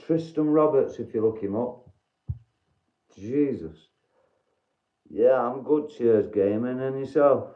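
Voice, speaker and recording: Yorkshire man, livestream host, blunt and sweary with chat, mid pitch, roomy slightly muffled sound. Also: slow pace, long pauses. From Doncaster, Yorkshire, England. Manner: blunt, swears freely, chats to viewers by name. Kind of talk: casual livestream chat with viewers.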